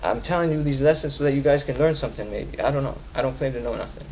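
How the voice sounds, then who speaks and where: A young man giving a Friday sermon in casual slang, repeating lines for emphasis and swinging from loud urging to soft storytelling. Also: medium pitch, fast, slight background noise, low-quality recording. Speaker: khutbah speaker.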